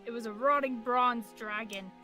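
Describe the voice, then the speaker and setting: A woman's voice: on the high side, moderate pace, pushed and bright, soft background music. A woman voicing a wounded, maimed male general in a tabletop game, speaking through gritted teeth. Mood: grim. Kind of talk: tabletop role-play voicing.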